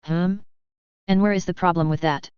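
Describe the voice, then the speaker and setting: A woman voicing a calm, sly young female samurai in a story reading, smooth and low, on dull lo-fi audio. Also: moderate pace, no echo, lightly acted. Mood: teasing.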